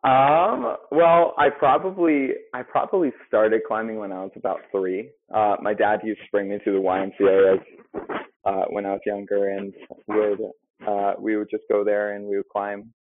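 A man's voice: lowish voice, fairly even intonation, normal speed, dry recording. A young man, a restaurant manager, answering interview questions hesitantly with many fillers. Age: young adult. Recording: phone-like, dry line.

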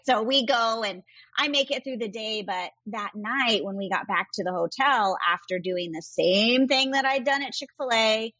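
A woman author appears as a guest in a faith-based interview, earnestly telling a faith story and acting out the quoted voices. Her medium-pitched voice is a bit bright, recorded dry with the highs cut off.

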